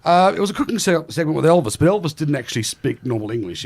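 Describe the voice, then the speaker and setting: Lively middle-aged Australian man. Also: mid-range voice, fast talker. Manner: animated storyteller, laughs often, self-deprecating. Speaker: guest comedian. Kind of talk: casual podcast chat.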